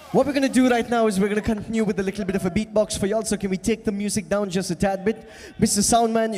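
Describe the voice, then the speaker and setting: High-voiced man hyping a live crowd. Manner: energetic, coaxing the crowd. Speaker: beatboxer performing on stage. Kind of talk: live stage crowd work. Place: large event hall with audience. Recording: long hall reverb.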